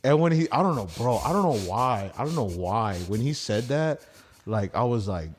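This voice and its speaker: A man's voice: medium pitch, animated, moderate pace, a little hiss or hum. A man who does stand-up, a podcast guest telling stories in a rambling, profane way and acting out the voices of people he quotes. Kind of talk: casual podcast storytelling.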